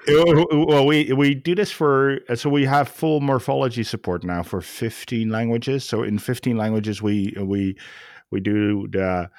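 A man's voice: medium pitch, fairly even intonation, normal speed, a little mellow, dry recording, studio quality. A man hosting a podcast, talking casually and thinking aloud, often restarting his sentences. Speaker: podcast host. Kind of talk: casual conversation.

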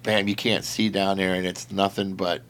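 A man's voice: deep voice, normal speed. A man telling a story in casual chat, rambling with lots of filler words and laughing as he goes. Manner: animated, laughing while telling. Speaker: storyteller recounting patrol work.

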